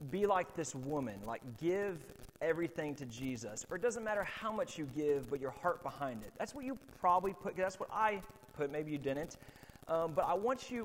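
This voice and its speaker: A man preaching a sermon as pastor, in a relaxed, conversational way with lots of fillers. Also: a little high, in a large hall, a little hiss or hum.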